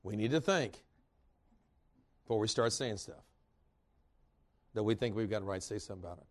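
The speaker is a male preacher at church, relating folksy personal stories with energy and fits of laughter. His voice is lowish and a little fast.

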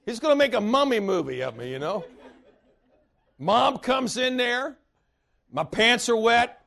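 A male preacher giving a sermon in a church, telling folksy personal stories with animated delivery and bursts of laughter. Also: very high-pitched, unhurried, vocal fry.

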